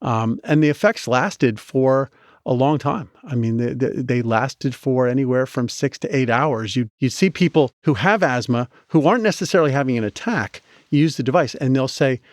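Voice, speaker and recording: A man being interviewed on a podcast, telling stories in an animated, chatty way with many restarts. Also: mid-range voice, moderate pace, no room sound, clean studio sound. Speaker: guest, medical device inventor.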